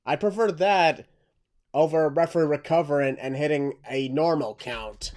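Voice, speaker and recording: A man's voice: on the high side, a little mellow. Emphatic man in casual podcast talk. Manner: emphatic, drawn-out dramatic retelling. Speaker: podcast co-host.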